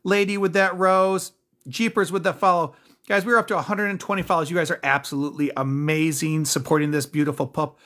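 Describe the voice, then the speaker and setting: A man's voice: on the high side, steady tone, brisk, a bit bright. A man hosting a casual livestream, reading out viewer names and comments in an upbeat, thankful way. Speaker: livestream host.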